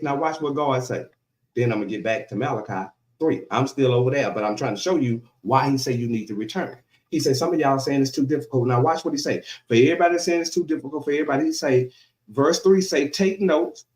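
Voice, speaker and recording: A male pastor preaching a sermon in a church, colloquial and lively, calling out to his congregation for response. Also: a little high, echoey room. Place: church sanctuary.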